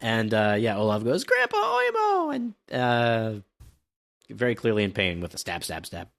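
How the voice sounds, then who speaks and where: A man's voice: lowish voice, moderate pace. A man on a podcast casually recapping a comic chapter, hesitant and full of ums and uhs.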